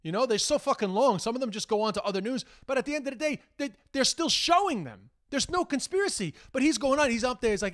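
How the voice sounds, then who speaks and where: An Irish man talks through a solo podcast rant, his voice riding high for a man. He sounds exasperated and heated, swearing freely and slipping into mocking impressions as he goes. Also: big pitch swings, fast, a bit bright. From Ireland. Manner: heated, exasperated, profane, mocks quoted speech. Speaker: podcast host. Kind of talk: casual monologue rant.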